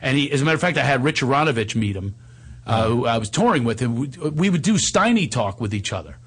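A man hosting a casual chat, telling animated stories and laughing often. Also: mid-range voice, fast talker, husky. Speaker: host.

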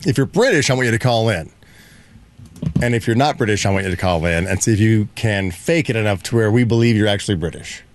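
A man's voice: on the low side, lively intonation, quick pace, a little hiss or hum. A man co-hosting a radio show, chatting loosely and joking, with lots of filler words. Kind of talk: casual radio banter.

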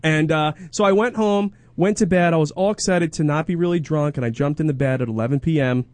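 A man's voice: fairly high pitch, a little fast, dry recording. A young man co-hosting a radio show, rambling and self-interrupting through casual banter and ad reads.

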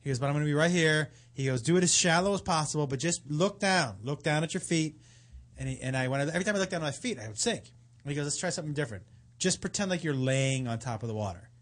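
A man in casual conversation tells a long story with swooping, lively pitch and a fairly high voice. He curses freely and acts out the other people's lines as he goes. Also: quick pace. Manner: animated, profane, acts out quotes.

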